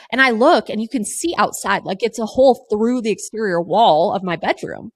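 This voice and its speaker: A woman's voice: fairly high pitch, fairly quick, few pauses, no room sound, clean studio sound. A woman in her thirties hosting a podcast, telling a raw personal story with plenty of fillers and casual swearing. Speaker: podcast host.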